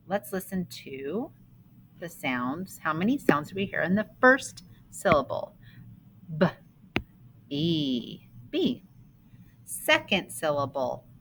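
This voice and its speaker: A woman teaching young children their phonics, stretching out every sound in a slow, sing-song way. Her voice is bright and forceful, pitched a little low, and a faint hiss sits under the recording. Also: poor audio.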